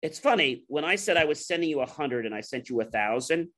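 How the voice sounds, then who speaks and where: A man's voice: fairly high pitch, a little fast. A man, a talk show host, telling a business anecdote and acting out the conversations. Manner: animated, acts out dialogue. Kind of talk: storytelling anecdote.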